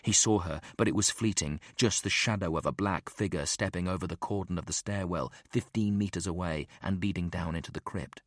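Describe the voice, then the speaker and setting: Deep-voiced male audiobook narrator. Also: a little fast, hardly any pauses, dry recording, clean studio sound. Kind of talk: scripted narration.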